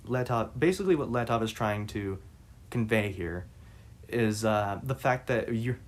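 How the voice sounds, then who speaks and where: Male reader-commentator, lowish voice, hesitant, self-correcting delivery. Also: expressive. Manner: halting, many restarts and fillers. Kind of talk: reading aloud and commenting.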